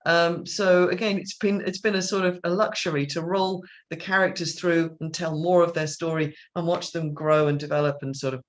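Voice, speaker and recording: Lowish-voiced woman rambling about her theatre show on a video call, lots of restarts. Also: fairly even intonation, moderate pace, few pauses. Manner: rambling, chatty, with many restarts and laughs. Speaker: theatre company director hosting an interval. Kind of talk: casual chat.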